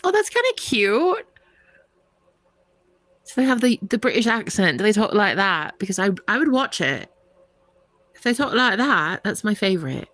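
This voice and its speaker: Young woman, US-American, talks to her stream viewers, giggly, rambling, lively voice that jumps around, dry close sound. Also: medium pitch, dry recording. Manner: giggly, rambling, playful, lots of "like". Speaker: tarot reader livestream host. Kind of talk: casual chat with live viewers.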